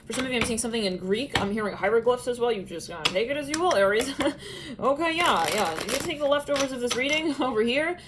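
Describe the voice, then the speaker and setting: A woman's voice: on the high side, expressive, quick pace, background noise. A woman giving a casual tarot reading, chatty and musing, often breaking into laughter. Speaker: tarot reader.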